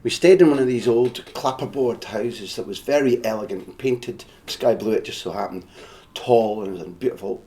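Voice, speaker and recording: Guy hosting a podcast, low voice, laid back, reminiscing. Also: normal speed, hardly any pauses, warm tone. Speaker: podcast host. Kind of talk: casual interview.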